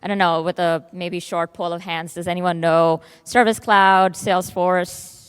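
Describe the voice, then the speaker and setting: A woman's voice: fairly low pitch, steady tone, a little slow, smooth. A woman product manager giving an upbeat, eager conference presentation. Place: large conference hall. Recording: long hall reverb.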